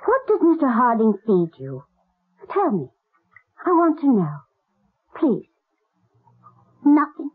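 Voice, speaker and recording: Gentle noblewoman, slow tearful pleading, husky voice, tinny old radio sound. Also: on the high side, huge pitch swings, heavily acted. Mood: coaxing. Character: tender noblewoman mourning a lost son. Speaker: lady of the house. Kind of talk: 1970s radio drama acting.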